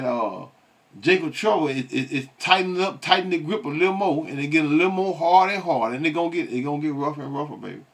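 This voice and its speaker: A man's voice: medium pitch, fairly bright tone. A man giving casual, rambling reaction commentary on a video, stumbling over his words and mocking.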